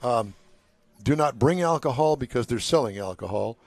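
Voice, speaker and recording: A man's voice: medium pitch, animated, moderate pace, darkish tone, dry recording, faint music behind. A man in his sixties hosting a casual live show at an outdoor car show, joking and rambling between announcements. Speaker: show host.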